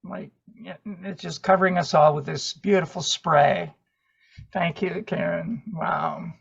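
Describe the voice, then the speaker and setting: A man guides an online sharing circle in a soft, affirming way. His voice is raspy with a gravelly edge, and he speaks very slowly. The call audio sounds dull and muffled. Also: a little high, steady tone. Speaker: group facilitator.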